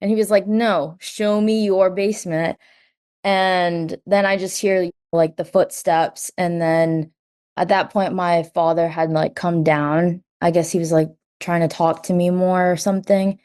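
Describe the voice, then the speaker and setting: A young woman telling her own story as an interview guest, filling her talk with "like" and acting out quotes in lively bursts. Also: on the low side, a little slow, smooth. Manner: says "like" constantly, quotes herself and others in lively bursts.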